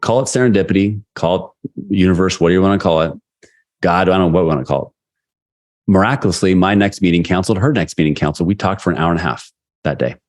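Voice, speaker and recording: Low-voiced middle-aged guy telling candid stories on a podcast, lots of restarts. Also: fast. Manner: candid, animated storyteller with many restarts. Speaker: guest, sales leadership coach. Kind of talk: storytelling interview answers.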